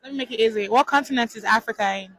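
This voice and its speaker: A man's voice: very high-pitched, very fast, fairly bright tone, no echo, faint music behind, poor audio. A man doing a street interview outdoors, asking questions in an encouraging, teasing way.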